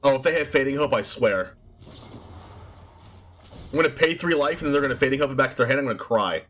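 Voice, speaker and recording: A man streaming a card game, commenting loudly and excitedly on each play. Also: mid-range voice, fast talker. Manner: loud, excitable, often shouting and laughing.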